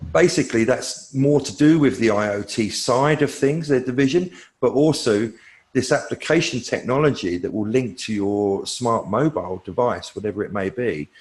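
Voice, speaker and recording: Man with a lowish voice, thinking aloud. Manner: thinking aloud with fillers and restarts. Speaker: cloud technology analyst, guest. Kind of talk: conversational answers to questions.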